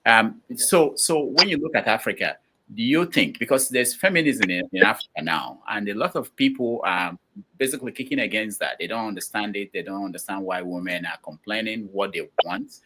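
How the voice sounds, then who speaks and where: A man hosting an interview, asking long questions haltingly and restarting them. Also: fairly low pitch, animated, background noise. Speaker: interviewer, host.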